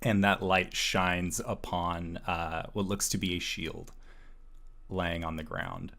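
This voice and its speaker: A man narrating a tabletop game as game master, measured and pausing often with "uh". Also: low-pitched, level tone, gravelly, pushed and bright. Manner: slow, measured, with frequent "uh" pauses.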